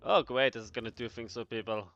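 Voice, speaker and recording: A man's voice: mid-range voice, fast, fairly bright tone, lo-fi sound, soft background music. A man joking and reacting as he plays through a game. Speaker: let's play gamer. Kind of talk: game playthrough commentary.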